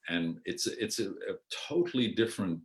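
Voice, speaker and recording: An older Canadian man with a very low, deep voice tells long stories about his life in theatre, pausing often with ums and restarting his sentences. He talks slowly over a video call and now and then slips into other people's voices. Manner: unhurried and hesitant, with many ums and restarts, mimicking voices in anecdotes. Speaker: outgoing artistic director telling his theatre life. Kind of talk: rambling spoken memoir.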